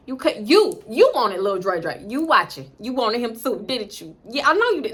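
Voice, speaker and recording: Animated, bright-voiced young woman vlogger. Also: moderate pace. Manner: animated, swings into loud high-pitched acted quotes. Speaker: storytime vlogger. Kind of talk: casual storytime chat.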